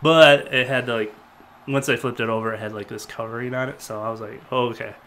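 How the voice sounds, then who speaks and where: A man talking casually as a co-host, retelling a show in a loose, rambling way. He hesitates often, with fillers and self-corrections, at an ordinary middle pitch. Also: steady tone, fairly quick, fairly bright tone, a little hiss or hum. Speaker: podcast co-host. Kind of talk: casual review chat.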